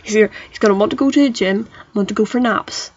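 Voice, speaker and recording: A woman's voice: medium pitch, fast, husky. A young woman co-hosting a podcast, chatty, playful and self-deprecating. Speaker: podcast co-host. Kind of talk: casual chat. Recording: dull lo-fi sound.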